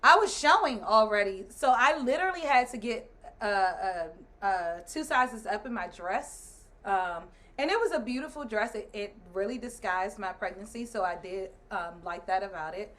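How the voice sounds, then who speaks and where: A woman in her thirties, a guest and the host's wife, telling a story in casual chat, animated and laughing as she acts out other people's lines. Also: mid-range voice, moderate pace.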